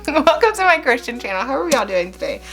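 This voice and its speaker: A woman's voice: high-pitched, very animated, fast talker, fairly bright tone, faint music behind. A woman hosting a casual Bible-reading vlog, chatty and slangy, laughing often between words.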